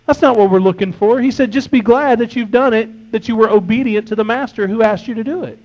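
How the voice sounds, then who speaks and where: A man's voice: very high-pitched, a little fast, hardly any pauses, darkish tone, dull audio. A man preaching a sermon, emphatic, reading scripture and acting out a servant's complaints.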